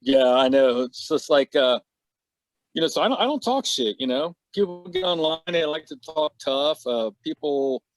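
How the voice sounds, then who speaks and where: A man's voice: on the high side, lively intonation, normal speed, no echo. Frank, easygoing man with a dry voice. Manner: laid-back, frank, laughs at himself, swears casually. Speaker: podcast guest, martial artist. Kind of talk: casual podcast chat.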